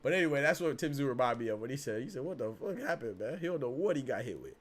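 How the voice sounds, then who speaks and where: His medium-pitched voice racing, the man hosting this podcast rambles casually and animatedly, repeatedly landing on "you know what I'm saying."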